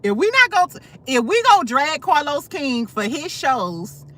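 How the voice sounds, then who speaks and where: A woman's voice: high voice, big pitch swings, unhurried, fairly bright tone. A woman host on a casual livestream, telling blunt, profane gossip stories full of asides. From St. Louis. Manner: sassy, blunt, profane storytelling with many asides.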